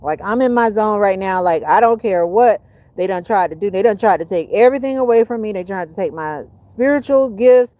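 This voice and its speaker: A woman rants to her livestream viewers in a blunt, sermon-like way, cursing freely. Her voice sits at an ordinary middle pitch and keeps dropping from loud declarations to near-murmurs. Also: expressive, a little fast, no room sound. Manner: preachy, blunt and profane, swinging from loud to hushed. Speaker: livestream host.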